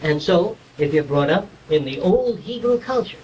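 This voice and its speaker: A man's voice: high-pitched, lively intonation, normal speed, a little mellow, distant mic, muffled recording, slight background noise. A man giving an informal, conversational lecture to a small group, explaining ideas and checking whether his listeners follow.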